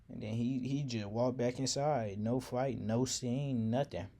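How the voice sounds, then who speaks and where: A man's voice: medium pitch, fairly even intonation, measured pace, few pauses, mellow. A man telling a personal story in a casual, slangy, reflective way.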